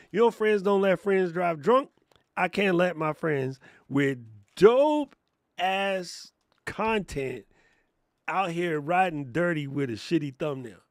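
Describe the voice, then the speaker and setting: A man hosting a casual livestream class on thumbnails, telling stories in slangy, animated talk and laughing often. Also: high-pitched, no echo, studio quality. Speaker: host and content coach. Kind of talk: casual livestream teaching chat.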